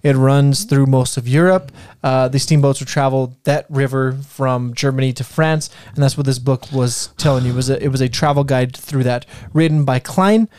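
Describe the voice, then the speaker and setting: A man's voice: mid-range voice, steady tone, moderate pace, darkish tone, no echo, studio quality. A man co-hosting a casual history podcast, reading from notes with many fillers and restarts. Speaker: podcast co-host presenting history.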